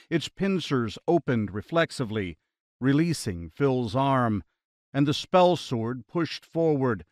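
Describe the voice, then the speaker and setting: A man narrating a fantasy audiobook in a steady, evenly paced storytelling style. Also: medium pitch, dry recording, studio quality.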